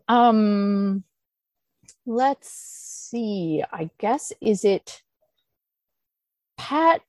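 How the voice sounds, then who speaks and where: A woman leading a meditation group discussion, thinking aloud with soft sighs and laughs. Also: on the high side, animated, very slow, long pauses, no echo. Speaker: Zen teacher leading a discussion. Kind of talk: unscripted dharma talk and Q&A.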